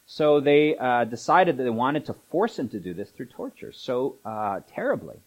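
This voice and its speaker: Male pastor, mid-pitched voice, chatty sermon style with asides and "uh"s. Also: big pitch swings, normal speed, muffled recording. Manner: conversational preaching with asides and filler words. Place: church.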